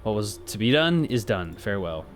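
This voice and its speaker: A man's voice: lowish voice, big pitch swings, moderate pace, pitched below the performer's own voice. A man voicing a solemn male cult leader, preaching about death in a grave, archaic way, with faint game music behind. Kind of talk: reading game dialogue aloud.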